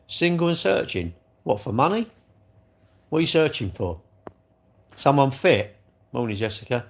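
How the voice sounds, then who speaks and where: A man's voice: medium pitch, gravelly. A man chatting casually on a livestream from his sofa at home, reading the chat and joking in a cheeky, rambling way.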